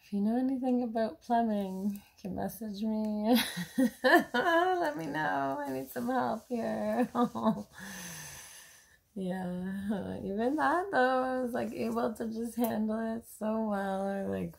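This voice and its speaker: Giggly, husky-voiced woman vlogger. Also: on the high side, takes it slowly. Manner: dreamy, giggly, gushing. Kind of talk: casual daily vlog.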